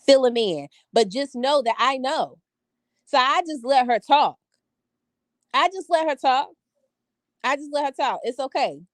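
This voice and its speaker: A woman's voice: fairly high pitch, no echo. A woman, chatting casually and sassily to her live-stream viewers at home. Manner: sassy, animated, talks straight to viewers. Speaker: vlogger talking to live chat.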